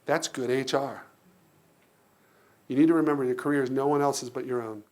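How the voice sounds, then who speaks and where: A man giving a lively keynote speech to an audience, telling stories, acting out voices and laughing often. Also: mid-range voice, moderate pace. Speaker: keynote speaker. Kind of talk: live storytelling speech.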